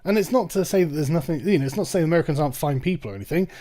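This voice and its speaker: Young man, English accent, sarcastic commentary, slightly high voice, swears casually. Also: very fast, warm tone. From England. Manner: sarcastic, swearing, breaks into mocking put-on voices and laughs. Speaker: commentary channel host. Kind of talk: casual commentary reacting to a read article.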